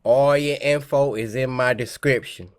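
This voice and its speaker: A man hosting a horror story reaction show, giving comedic commentary and loudly joking back at the story. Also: medium pitch, fairly even intonation, unhurried, background noise. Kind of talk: comedic commentary over videos.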